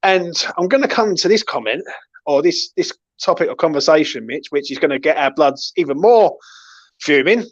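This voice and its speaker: Guy ranting about football, bit high voice, dull dry lo-fi sound. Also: moderate pace, dry recording. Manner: blunt, animated, sweary. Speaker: podcast host. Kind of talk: casual football chat.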